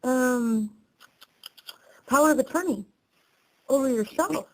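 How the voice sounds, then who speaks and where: A woman's voice: sits high, slow pace, darkish tone, poor audio. Woman host asking short questions. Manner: brief agreeing interjections and follow-up questions. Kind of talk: casual talk show chat.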